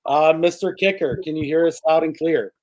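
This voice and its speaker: A man's voice: on the high side, fairly even intonation, normal speed, a little mellow, low-quality recording. Upbeat joking male podcast host. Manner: upbeat, jokey emcee. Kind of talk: casual podcast chat.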